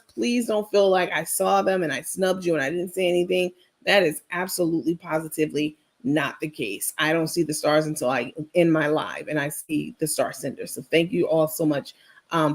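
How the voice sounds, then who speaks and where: Woman hosting a live show, chatty gossip, talks right at viewers, lots of creaky fry. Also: on the low side. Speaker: livestream host. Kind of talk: casual gossip commentary.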